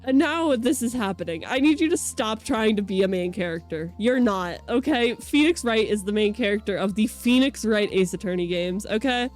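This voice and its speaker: Young woman streamer, middle pitch, playful and chatty, swears a lot, reads game lines over faint music. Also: lively intonation, moderate pace, hardly any pauses. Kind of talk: casual game playthrough, reading dialogue aloud.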